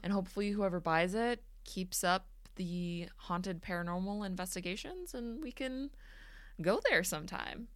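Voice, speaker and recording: A woman's voice: medium pitch, moderate pace, no room sound, clean studio sound. A woman co-hosting a podcast in casual chat, easygoing and agreeable, laughing often. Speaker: podcast co-host.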